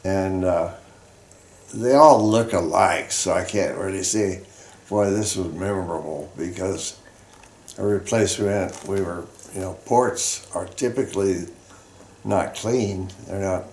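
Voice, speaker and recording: Old guy from colorado, deep gravelly voice, rambles slow with lots of ums, echoey room. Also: a little mellow. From Colorado, United States. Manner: halting, rambling reminiscing with fillers. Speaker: veteran interviewee. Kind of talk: oral history storytelling.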